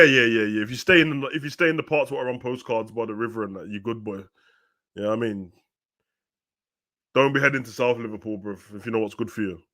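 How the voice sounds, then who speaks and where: A young man hosting a live football watch-along, chatting in slang and rising to loud, excited play-by-play. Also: mid-range voice.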